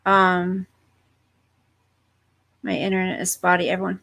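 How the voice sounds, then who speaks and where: A woman hosts a casual live chat from home, speaking directly to her viewers. She talks at an unhurried, drawn-out pace and often wanders off track. Her pitch sits in a middle range. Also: fairly bright tone. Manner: chatty, talks straight to viewers, easily distracted. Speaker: livestream host reading viewer comments. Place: at home, fireworks outside.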